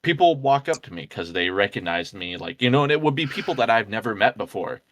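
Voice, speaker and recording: A man's voice: fairly low pitch, big pitch swings, fast, a bit bright, slight background noise. A man co-hosting a crude comedy podcast, rambling and stuffing his talk with fillers. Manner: rambling, filler-heavy, lots of "like". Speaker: podcast co-host.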